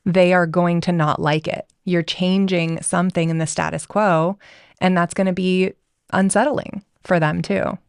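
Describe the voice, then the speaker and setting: A woman's voice: fairly low pitch, fairly even intonation, a little slow, vocal fry, clear, resonant tone, no echo, clean studio sound. A woman coach and parent, speaking reflectively in a podcast interview and acting out small dialogue examples. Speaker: guest, communication coach.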